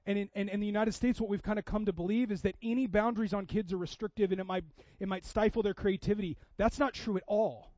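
High-voiced man preaching a sermon. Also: no room sound, highs cut off. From Seattle. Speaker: pastor.

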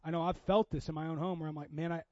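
A pastor from Seattle, his voice notably high, fires off a talky, personal sermon at a rapid pace with fairly even intonation. He restarts often and moves between loud stresses and quiet asides, recorded dry and somewhat dull like lo-fi audio, with no echo.

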